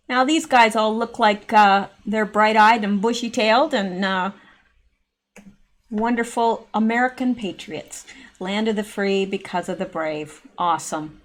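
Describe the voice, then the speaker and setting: A middle-aged woman chats her way through a video commentary. Her voice sits a bit high, and she drifts into rambling asides as she goes. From Canada. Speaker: channel host.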